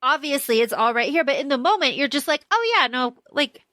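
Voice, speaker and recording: A woman's voice: sits high, fast talker, a bit bright, dry recording. Chatty, foul-mouthed woman podcaster. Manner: chatty, swears freely, acts out characters' lines. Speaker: podcast co-host. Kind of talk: casual book discussion.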